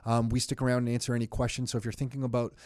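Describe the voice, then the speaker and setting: A man co-hosting a podcast in casual chat, excitable and quick to jump in. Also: medium pitch, dry recording, clean studio sound. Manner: excitable, animated, jumps in eagerly. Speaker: podcast co-host.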